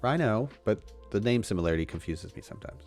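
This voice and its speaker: A man's voice: lowish voice, expressive, fast talker, darkish tone, faint music behind. A man co-hosting a casual fantasy sports show, laid-back and chatty. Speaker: co-host. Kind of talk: casual chat.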